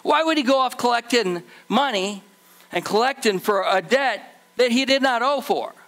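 Animated, high-voiced man preaching. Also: normal speed. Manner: animated preaching, acts out the people in the story. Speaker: pastor. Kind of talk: sermon.

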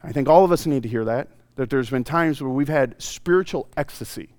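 A man preaching a sermon as a pastor, telling the story in a comic, animated way with playful asides. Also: mid-range voice, brisk, no echo. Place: church sanctuary.

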